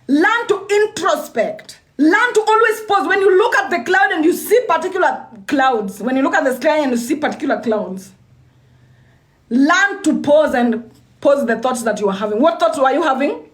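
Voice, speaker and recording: Speaking at normal speed with a high-pitched, fairly bright voice and lively intonation, a young motivational speaker addresses her livestream. Her delivery is emphatic, with repeated lines and many sentence restarts.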